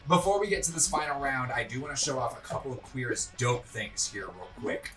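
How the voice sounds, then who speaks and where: A man co-hosting a gaming stream, talking in a relaxed way. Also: medium pitch, fairly quick, over loud music. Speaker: co-host. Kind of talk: casual chat while gaming. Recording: distant mic.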